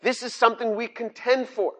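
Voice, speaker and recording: A man's voice: very high voice, fairly even intonation, brisk, sharp tone. An older man preaching a sermon, emphatic, repeating key phrases and restarting sentences as he goes. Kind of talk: sermon on scripture.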